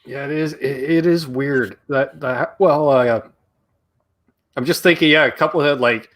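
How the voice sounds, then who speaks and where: A man's voice: fairly high pitch, measured pace, fairly bright tone. A man hosting a casual chat, telling a friendly, chatty story. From Canada. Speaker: host.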